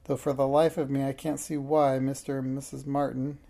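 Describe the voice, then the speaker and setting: A man's voice: medium pitch, flat delivery, fairly quick, vocal fry, dark tone, natural voice. A man reading aloud, voicing a self-important, nosy and cowardly townsman who blusters and mumbles. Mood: pompous. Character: pompous, nosy, cowardly middle-aged townsman.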